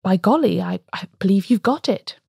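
A woman's voice: medium pitch, animated, normal speed, vocal fry, dark tone, husky, dry recording, studio quality. Woman reading as a sulky blunt doctor. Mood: grudging. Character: blunt peevish male country doctor.

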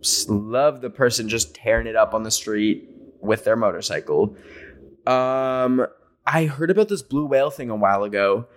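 A man's voice: mid-range voice, normal speed. A man hosting a casual solo podcast from home, reading out listener stories in a chatty, rambling way. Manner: chatty and rambling, often speeding up. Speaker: podcast host. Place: home near his garage.

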